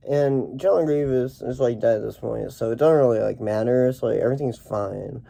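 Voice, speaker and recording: Young guy rambling thru a joke movie review, lots of um and restarts, kinda mellow tone. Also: medium pitch, fairly quick, gravelly, few pauses. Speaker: comedic reviewer. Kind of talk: rambling deadpan parody review.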